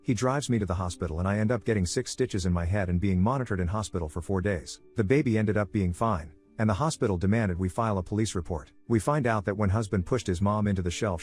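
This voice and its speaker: A man reading a first-person story aloud as scripted narration at an even, quick clip. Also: on the low side. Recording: narration over faint background music.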